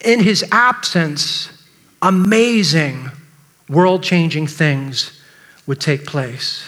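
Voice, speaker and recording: A man's voice: fairly high pitch, very slow, fairly bright tone. A man preaching a sermon, who acts out the disciples' voices dramatically. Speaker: pastor.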